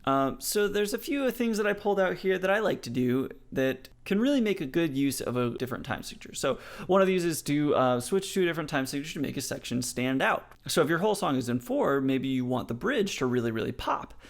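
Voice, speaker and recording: Male music teacher, animated delivery with a gravelly edge, counts beats out loud. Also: on the high side, a little fast, hardly any pauses. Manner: explains in a friendly way, counts beats aloud. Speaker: songwriting teacher. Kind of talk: music theory lesson.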